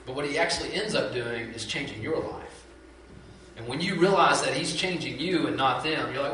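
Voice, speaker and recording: Man in his forties, pastor, chatty sermon storyteller, fairly high and bright voice, distant mic in a very echoey hall. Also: brisk. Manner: animated, conversational storytelling with lots of asides.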